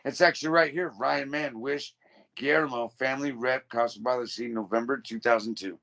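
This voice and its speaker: A man's voice: medium pitch, fairly even intonation, fairly quick, a bit bright, dull audio. A man in his thirties telling his story as a podcast guest, blunt and full of swearing. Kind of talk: casual interview.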